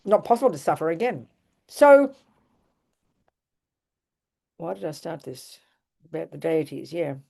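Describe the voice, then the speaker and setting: An older woman with an Australian accent, a Buddhist nun giving an animated, emphatic dharma talk, often restarting and repeating her phrases. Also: sits low, unhurried, vocal fry, pauses often.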